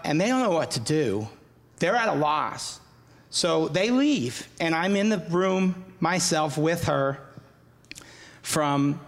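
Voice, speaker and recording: A man giving an earnest personal faith testimony, halting and often repeating his words. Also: fairly high pitch, fairly bright tone, long reverb tail.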